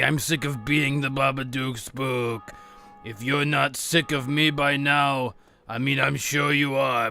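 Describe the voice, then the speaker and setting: Man doing a gravelly ancient evil spook, miserable and worn out, slow groaning delivery, bright edge to the voice. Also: mid-range voice, exaggerated voice. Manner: groaning, profane, self-pitying complaints. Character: ancient weary evil male spook, miserable and self-pitying. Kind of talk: in-character commentary over video games.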